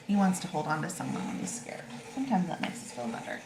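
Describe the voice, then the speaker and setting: A woman teacher reading a picture book to children and talking it over with them in a gentle, reassuring way. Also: on the low side, big pitch swings. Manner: gentle, slow and reassuring, asks children questions. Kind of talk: storybook read-aloud with discussion. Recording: echoey room with faint background noise.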